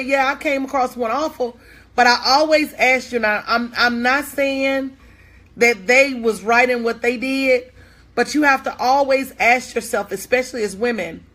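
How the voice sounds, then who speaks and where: Woman, business coach, fairly high voice, folksy, candid, casual talk to viewers. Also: a bit bright. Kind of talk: casual talk to an online audience.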